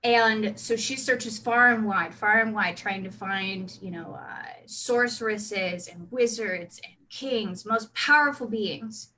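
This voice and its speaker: A woman's voice: mid-range voice, takes it slowly, few pauses, sharp tone, low-quality recording. A woman casually telling her role-play character's backstory, chatty with many restarts. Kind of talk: casual storytelling.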